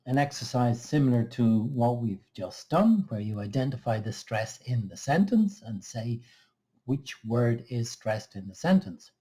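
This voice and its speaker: A man teaching English pronunciation, explaining exercises in a slow, careful, measured way. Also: medium pitch, warm tone, husky. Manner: slow, careful, measured delivery with small restarts. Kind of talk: scripted lesson explanation.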